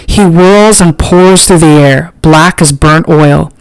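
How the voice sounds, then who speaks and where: A woman reads an audiobook in a measured, literary way. She takes it very slowly, letting each phrase land. The recording is close and dry, with no room sound. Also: low-pitched, dry recording, poor audio. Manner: slow, measured, literary reading. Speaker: audiobook narrator. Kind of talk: scripted narration.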